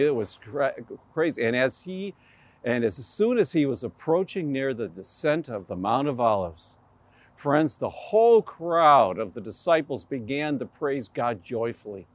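A male pastor preaching a sermon, telling the story with animated energy and acting out the voices of the crowd. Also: fairly high pitch, dry recording.

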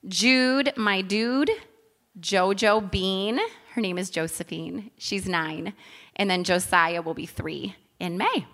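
A woman in her thirties, lively and earnest, giving a chatty testimony and prayer at a church women's gathering. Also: mid-range voice, takes it slowly. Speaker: women's ministry speaker.

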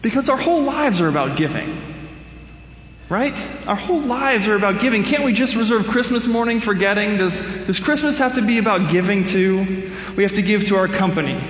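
A pastor with a high, light voice preaches a little fast in a relaxed, conversational style, poking dry fun at himself. In the echoey church sanctuary, a long, roomy reverb trails every phrase, with slight background noise.

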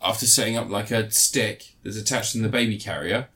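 A man's voice: lowish voice, sharp tone. Rambling sarcastic man recapping a film. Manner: sarcastic, rambling with fillers and quick mock voices. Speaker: film reviewer. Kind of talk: casual film recap chat.

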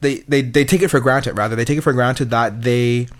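A man in casual podcast chat, speaking haltingly with restarts and throwing in jokes. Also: mid-range voice, steady tone. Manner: halting, restarts, joking interjections. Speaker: podcast co-host.

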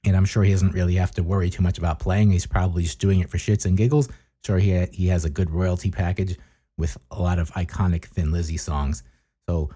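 Low-voiced man rambling through a review. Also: warm tone, slightly rough. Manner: rambling, chatty, with many fillers. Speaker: podcast host. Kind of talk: casual album and concert review.

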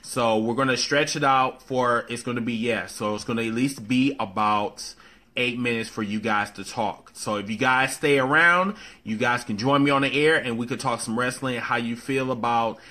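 Man, live stream host, bright voice, loose chatty talk, casual swearing. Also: medium pitch, moderate pace.

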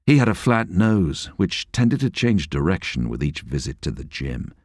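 A man reading a novel aloud as an audiobook narrator, expressive and measured. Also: sits low, dry recording, studio quality. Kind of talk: scripted narration.

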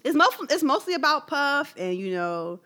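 A woman co-hosting a casual music chat, telling stories with animated laughs. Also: sits high, normal speed. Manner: animated storytelling with loud laughs. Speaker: podcast co-host.

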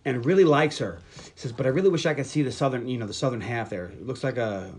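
A man's voice: medium pitch, fast talker, a little mellow, slightly rough. Man joking crudely on a movie podcast. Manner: reads plot summary from notes. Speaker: podcast co-host. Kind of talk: casual movie podcast chat.

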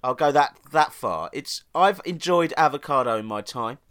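A man's voice: medium pitch, expressive, moderate pace, a bit bright, clear, resonant tone. A man co-hosting a podcast, joking sardonically and swearing in casual banter. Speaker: podcast co-host.

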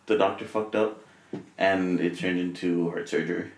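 Young male co-host, low relaxed voice, casual delivery, roomy echo. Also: normal speed, vocal fry. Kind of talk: casual chat among friends. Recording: echoey room.

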